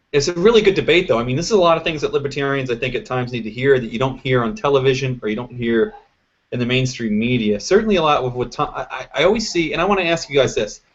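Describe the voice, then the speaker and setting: A man hosting a casual political chat over a video call, talking in an emphatic, opinionated way. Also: medium pitch. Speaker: host. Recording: dull lo-fi call audio.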